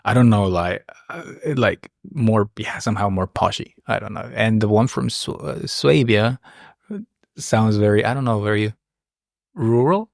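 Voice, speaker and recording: A podcast host talking casually and relaxed, with many fillers and quick backchannels. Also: medium pitch, gravelly, no room sound, clean studio sound. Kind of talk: casual conversational interview.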